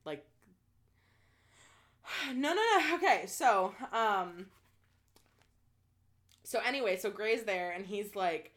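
A young woman in casual chat who gushes through a story, piling on "like" and the odd swear word. She is lively and informal, often jumping in with asides. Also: medium pitch, takes it slowly, long pauses. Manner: animated, chatty, heavy use of "like" and swearing. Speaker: book fan retelling a plot.

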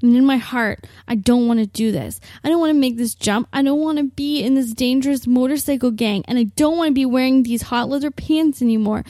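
A woman's voice: high-pitched, a little fast, hardly any pauses, warm tone, dry recording, studio quality. A woman in her twenties hosting a solo podcast, rambling through a self-mocking comic fantasy with lots of "like". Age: 20s. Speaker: podcast host. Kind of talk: comedic solo storytelling.

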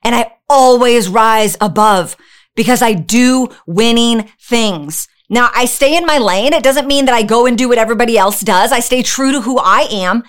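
Woman podcast host, fairly high voice, fired-up motivational monologue with a preacher's edge. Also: moderate pace. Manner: energetic, preachy, talks straight to the listener with rhetorical questions.

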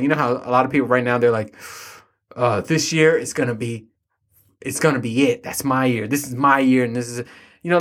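A young adult man telling rambling, profane stories in a casual monologue to his listeners, with exasperated asides. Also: mid-range voice. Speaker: solo podcast host.

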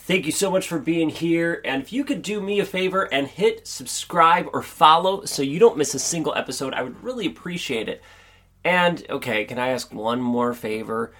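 A man hosts a motivational podcast, talking straight to his listeners in an upbeat, chatty pep-talk manner. His voice sits slightly above the usual male pitch. He sounds earnest and encouraging. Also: lively intonation, normal speed, a bit bright. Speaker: podcast host. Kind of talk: motivational solo podcast monologue.

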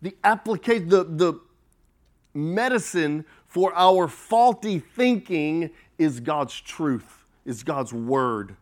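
Pastor guy preaching, kinda high voice, slow emphatic lines that swell up and drop off. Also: lively intonation. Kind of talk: sermon.

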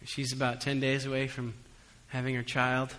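Bright-voiced male preacher in a reverberant hall. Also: medium pitch, monotone, normal speed. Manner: conversational preaching with humorous asides; swings between soft and emphatic. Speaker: pastor. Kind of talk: sermon.

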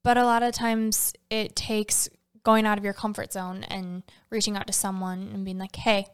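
Woman podcast cohost, smooth voice, upbeat and encouraging, giving advice. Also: medium pitch, level tone, moderate pace. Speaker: podcast co-host. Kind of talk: casual chat.

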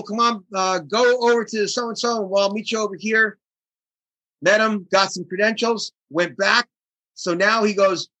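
A man with a bright, somewhat husky voice tells a story in a casual interview. He speaks with lively energy and acts out the other people in it. The sound is dry and close. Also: high voice, dry recording, poor audio. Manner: animated storyteller acting out quoted voices. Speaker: guest drummer.

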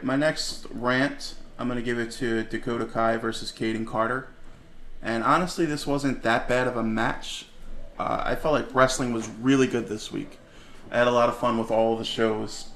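A man co-hosting a casual podcast, giving measured, easygoing opinions. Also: mid-range voice, a bit bright. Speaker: podcast co-host. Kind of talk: casual wrestling podcast chat. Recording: echoey room.

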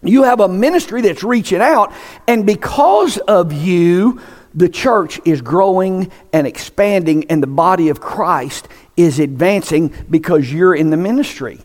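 Man preaching, high voice, emphatic, long echo of a church hall. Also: lively intonation, measured pace. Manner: preaching, emphatic, rising to near-shouts. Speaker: pastor. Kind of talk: sermon. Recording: echoey hall.

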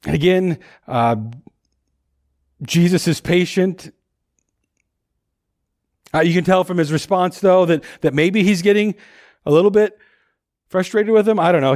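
A man delivering a sermon in a relaxed, conversational manner, his voice sitting a little high. He often repeats and restarts words as he works through his thoughts. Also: unhurried, pauses often. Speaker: preacher.

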